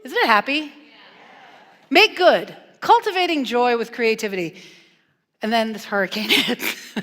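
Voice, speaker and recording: A woman minister giving a conversational sermon, animated and playful in her storytelling, turning hushed and earnest at times. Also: fairly high pitch, unhurried, long pauses. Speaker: guest minister. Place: church sanctuary. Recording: long reverb from a church hall.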